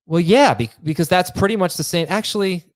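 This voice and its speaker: A man hosting a casual podcast chat, reading listener emails aloud and talking in quick, halting bursts. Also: high voice, no echo, studio quality.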